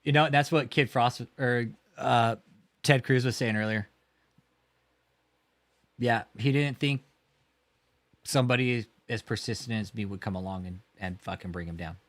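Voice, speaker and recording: A man's voice: medium pitch, measured pace, long pauses, dry recording. A man hosting a livestream, mocking and swearing as he reacts to video clips. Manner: mocking, profane, lively. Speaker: livestream host. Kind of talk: profane commentary over video clips.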